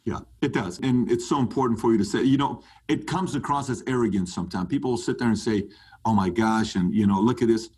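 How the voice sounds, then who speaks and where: Husky man, emphatic interview guest. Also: fast talker, few pauses, darkish tone. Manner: emphatic, rising pitch when fired up. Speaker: podcast guest. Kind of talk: animated interview talk.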